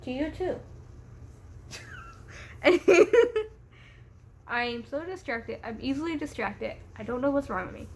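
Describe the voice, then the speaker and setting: A woman's voice: high voice, expressive, slow pace, long pauses, slight background noise. A young woman telling a story in a casual vlog, hyper from caffeine, rambling, laughing often and swearing freely. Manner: giggly, rambling, profane, easily distracted. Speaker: vlogger. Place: home room with a pet bird.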